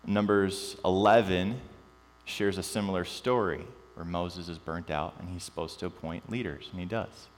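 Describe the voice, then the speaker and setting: A man preaching a sermon, animated and joking at times, then dropping to quiet emphasis. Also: deep voice, normal speed. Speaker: pastor. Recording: long reverb with mains hum.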